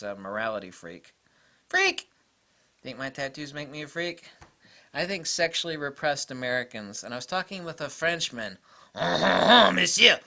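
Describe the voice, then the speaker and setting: Sitting at a table reviewing cameras, a man vlogs in a casual, rambling, opinionated way, drifting off on tangents and sometimes mocking imagined critics in exaggerated voices. His mid-range voice sounds pushed and bright.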